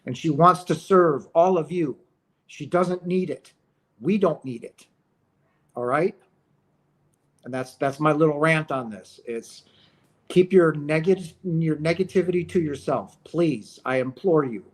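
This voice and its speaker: A man with a fairly high voice delivers a heartfelt rant straight to his audience. He sounds emotional and keeps circling back on his own phrases, pressing each point hard. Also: a little slow. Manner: impassioned, ranting, repeats phrases. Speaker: channel host. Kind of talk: emotional monologue to camera.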